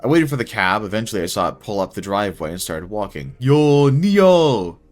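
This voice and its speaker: A man's voice: sits low, lively intonation, fast, a bit bright, faint music behind. A young man reading his own first-person story aloud in a wry, casual way.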